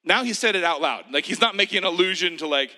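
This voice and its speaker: A man preaching a reflective sermon like a guided meditation, speaking gently and hushed, sometimes dropping to a whisper. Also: high-pitched, animated, fast talker, long reverb tail.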